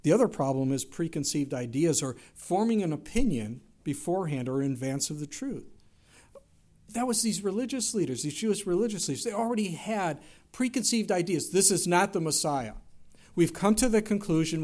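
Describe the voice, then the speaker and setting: A middle-aged man preaching a sermon, telling stories in an animated way and jumping his voice up for quoted lines. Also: high voice, fairly quick. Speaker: pastor.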